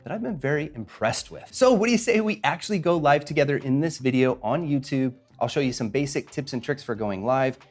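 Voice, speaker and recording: A man hosting a podcasting tutorial and chatting through a screen-share walkthrough. He keeps it upbeat, with quick jokes, and speaks into a podcast mic. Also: mid-range voice, expressive, faint music behind. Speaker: host and podcasting instructor. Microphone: podcast mic through a mixer.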